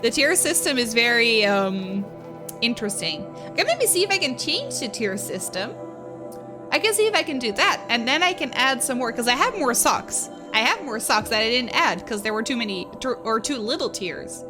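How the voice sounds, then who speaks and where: A woman's voice: fairly high pitch, very animated, normal speed. A woman streaming live and chatting casually with her viewers, giggling often and gushing thanks to them. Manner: giggly, laughs often between lines. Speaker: streamer reading chat. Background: music playing.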